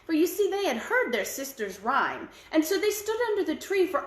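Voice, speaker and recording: A woman storyteller for a library, reading a fairy tale aloud in an animated, expressive way. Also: sits high, normal speed, hardly any pauses, roomy sound.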